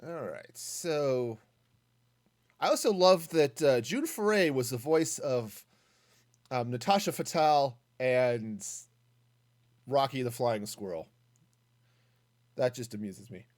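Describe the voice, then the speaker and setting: Casual game streamer, mid pitch, very animated intonation, muses aloud and answers chat. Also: slow pace, pauses often. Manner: chatty, thinking aloud, reading chat. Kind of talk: casual gaming stream commentary.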